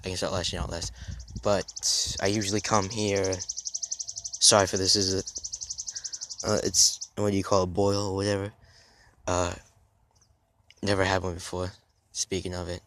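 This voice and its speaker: A man's voice: sits low, level tone, background noise. Rambling young man vlogging outdoors. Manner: halting, restarts often, drifts off topic. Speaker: fitness YouTuber. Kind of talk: rambling casual vlog talk.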